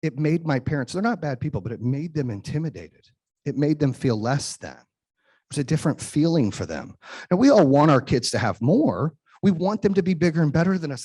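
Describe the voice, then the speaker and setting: A man's voice: on the high side, a little mellow, husky, no room sound. A man in his forties, host of a business talk show, telling personal stories in an emphatic, conversational way and often asking "right?". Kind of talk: motivational storytelling.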